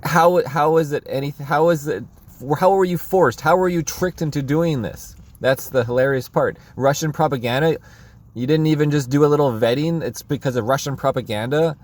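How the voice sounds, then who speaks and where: A man's voice: fairly high pitch, normal speed. Sarcastic man ranting. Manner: sarcastic, laughing, rambling. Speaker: commentary video host. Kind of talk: casual political commentary.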